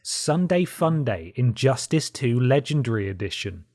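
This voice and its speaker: A man's voice: medium pitch, very animated, normal speed, darkish tone. A young man co-hosting a casual podcast, making dry remarks and reading out a list of videos. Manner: dry, wry remarks, reads out lists. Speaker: podcast co-host. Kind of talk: casual chat.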